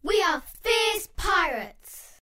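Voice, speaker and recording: A woman voicing a rowdy, excited crew of pirates in a storybook read-aloud, shouting gleefully. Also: very high-pitched, very slow, noisy background, voice pushed up, heavily acted.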